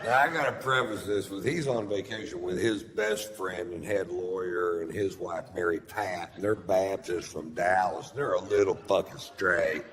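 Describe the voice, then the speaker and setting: A man's voice: low-pitched, normal speed, few pauses, in a large hall. A man doing stand-up, telling a long anecdote in a laid-back, profane storytelling manner on stage. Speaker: stand-up comedian. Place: comedy stage before a live audience. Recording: live show with steady background noise.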